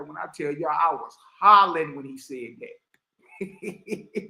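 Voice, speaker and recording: A man hosting a livestream, giving animated, mocking commentary full of slang and laughter. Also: on the high side, unhurried, echoey room. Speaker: livestream host.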